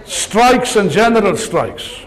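This older political speaker talks at a slow pace in a high-pitched voice with big swings in pitch. Before a crowd in a large hall, he delivers a rousing, sarcastic speech full of rhetorical questions.

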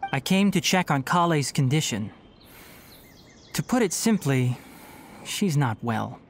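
A man's voice: fairly high pitch, very animated, unhurried, background noise. A man voicing a composed young male forest watcher in a video game, speaking plainly with a dry edge. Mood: calm. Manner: composed, matter-of-fact, dry humor. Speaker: game character. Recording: game cutscene with music behind.

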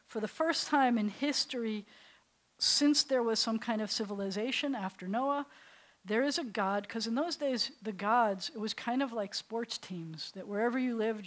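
A woman rabbi teaching a class, telling the story in an animated, conversational way. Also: mid-range voice. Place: synagogue classroom.

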